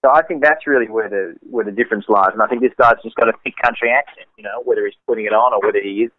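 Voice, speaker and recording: An Australian musician, speaking with an Australian accent, chats casually as a phone interview guest, laughing easily while multitasking. His fairly low voice comes rapid-fire over a tinny, dry phone line with no room sound.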